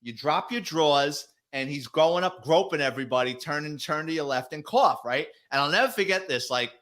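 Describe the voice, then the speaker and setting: A middle-aged retired police detective appears as a guest, casually telling stories full of swearing and acting out the voices of the people he quotes. He's animated and profane. His voice is a little high and fairly quick.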